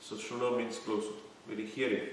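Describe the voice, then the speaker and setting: A man's voice: fairly low pitch, flat delivery, slight background noise. Man teaching scripture in an echoey room. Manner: explains terms slowly, quizzes listeners. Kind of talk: devotional scripture lecture. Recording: echoey room, mic far off.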